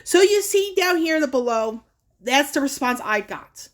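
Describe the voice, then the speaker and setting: High-voiced woman vlogger giving a warning. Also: expressive, moderate pace. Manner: earnest, warning, with fillers and restarts. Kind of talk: casual screen-share walkthrough.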